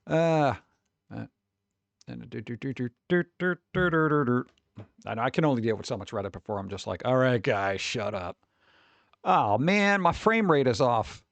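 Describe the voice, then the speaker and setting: A male streamer rambles casually to his live chat in a middle-pitched voice that's gravelly with vocal fry. He's animated, talks at normal speed, swears freely, and addresses viewers directly, with dry, close sound and no room echo.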